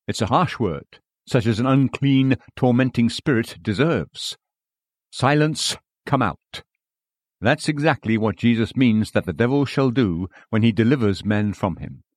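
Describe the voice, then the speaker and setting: A man reads a sermon aloud in an earnest, exhorting manner. His voice sits in a middle male pitch. The recording is dry, with no room sound. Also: a little mellow, no echo.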